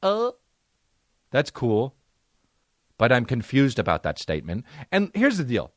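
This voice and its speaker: A man's voice: medium pitch, wildly swooping pitch, a little slow, no echo, clean studio sound. A man hosting a comedy podcast, ranting in a profane, sarcastic way. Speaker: podcast host.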